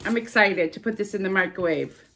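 A woman in her fifties chatting excitedly as a vlogger opening viewer mail, sounding stuffed up from sinus trouble. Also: mid-range voice, a little fast, slight background noise. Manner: bubbly, gushing, chatty. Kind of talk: casual chat.

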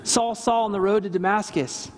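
Pastor, male, high voice, earnest sermon, lively scripture quotes, reverberant church hall. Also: normal speed. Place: church service.

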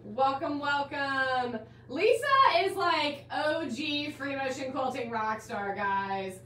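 Bubbly woman host, high and roomy. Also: takes it slowly, fairly bright tone. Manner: bubbly, gushing, calls viewers guys and my dear. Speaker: host of a live quilting class stream. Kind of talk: enthusiastic live-stream welcome. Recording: roomy, slightly distant with faint background hiss.

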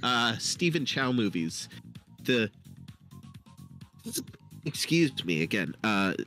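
A man hosting a casual live stream chat, rambling and halting with frequent restarts. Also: mid-range voice, very animated, fairly bright tone, faint music behind. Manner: rambling, halting, laughs often. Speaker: host.

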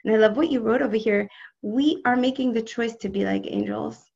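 A woman teaching a live online religious class, expressive and speaking straight to her listeners, answering their chat comments, over dull video call audio. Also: a little high, brisk, creaky.

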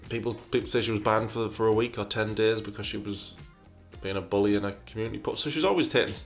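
Lowish-voiced man musing over viewer questions. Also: fast, creaky, soft background music. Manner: reads questions aloud, muses, repeats himself. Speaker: host answering viewer questions. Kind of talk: casual chat.

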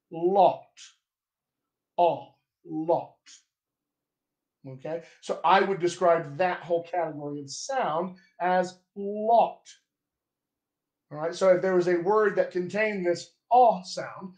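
Slow, slightly high-voiced dialect coach. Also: male voice, echoey room. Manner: slow, demonstrative, drawn-out vowel examples; chatty, addresses viewers directly. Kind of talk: live-streamed accent lesson. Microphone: webcam or phone on a live stream.

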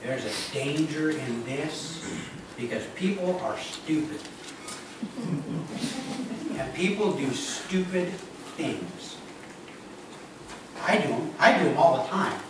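A man with a slightly high, animated voice preaches a conversational sermon to his congregation, slipping in joking asides. He speaks slowly with long pauses, and the recording from the church sanctuary is echoey, noisy and distant.

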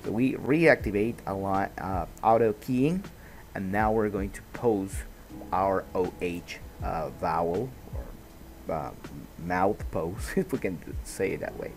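A man narrating a screen-recorded software tutorial, patient and explanatory, often checking in with the listener. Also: deep voice, slow, soft background music.

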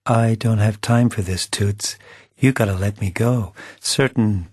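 Un uomo che dà voce a un giovane prigioniero americano, sfacciato e seducente, che strascica le parole. La voce è un po' roca, registrata asciutta, da audiolibro. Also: male voice, fairly low pitch, fairly even intonation, unhurried, darkish tone, slightly rough, dry recording, studio quality. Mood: dismissive.

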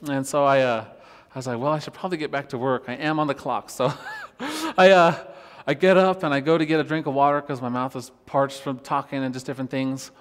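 A male worship pastor preaching a sermon, telling a personal story with lively, laughing retellings of conversations. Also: mid-range voice, fairly quick, in a large hall. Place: church.

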